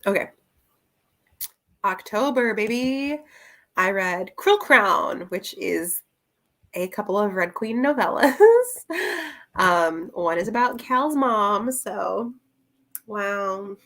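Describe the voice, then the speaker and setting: A woman's voice: mid-range voice, expressive, slow, pushed and bright. A young woman chatting casually through a book review, rambling with plenty of fillers and little laughs.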